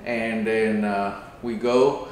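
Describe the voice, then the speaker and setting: A man's voice: lowish voice, steady tone, slow. A man hosting, casually talking through a plan for a video and acting out lines. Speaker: channel host. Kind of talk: casual planning chat. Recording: very echoey room, faint noise.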